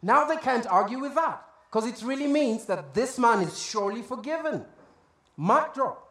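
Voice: mid-range voice, animated, moderate pace, fairly bright tone. A pastor preaching a sermon in a church hall, talking conversationally with asides and acting out short quotes. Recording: echoey room.

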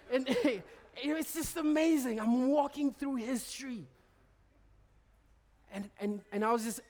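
A man giving a sermon, telling stories with lively restarts and laughter. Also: high-pitched. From Kenya. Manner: animated storytelling, stammered restarts, bursts of laughter. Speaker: preacher.

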